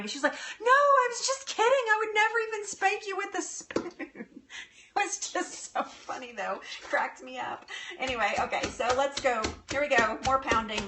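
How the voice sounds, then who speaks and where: A woman's voice: on the high side, bright, forceful tone, slight background noise. A woman hosting a casual live cooking demo, chatting with viewers and laughing often. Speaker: live-stream cooking host. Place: home kitchen.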